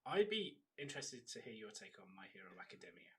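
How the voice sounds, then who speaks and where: A man's voice: lowish voice, very animated, quick pace, vocal fry, husky. A young man co-hosting a casual podcast, wry and sarcastic, often stumbling over repeated words. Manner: stammering restarts, wry, sarcastic. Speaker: podcast co-host. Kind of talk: casual chat.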